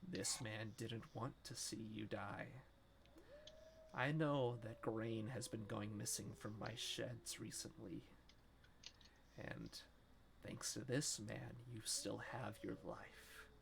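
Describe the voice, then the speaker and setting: A man's voice: on the low side, steady tone, slow pace, creaky, slight background noise. A man voicing a very old, cruel male elf who speaks with menace and condescension in a tabletop game. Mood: menacing. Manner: menacing, condescending, calls others "boy". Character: ancient cruel male elf lord, mocking.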